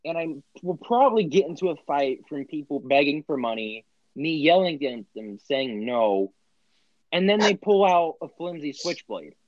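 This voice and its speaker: A man's voice: a little high, no room sound. A young man co-hosting a podcast in casual chat, throwing out absurd jokes and rambling tangents. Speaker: podcast co-host. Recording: dry, dull lo-fi mic.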